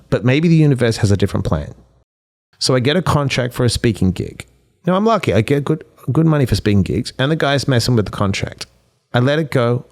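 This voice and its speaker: A man, a podcast guest and life coach, telling stories animatedly and acting out both sides of each exchange. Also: medium pitch. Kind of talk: animated storytelling in conversation.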